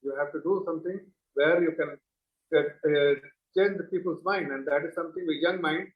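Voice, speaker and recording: A man speaking as a political spokesman on a TV panel, measured and earnest. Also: a little high, steady tone. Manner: measured, earnest, halting with fillers. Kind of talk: TV panel debate. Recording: echoey dull remote audio link.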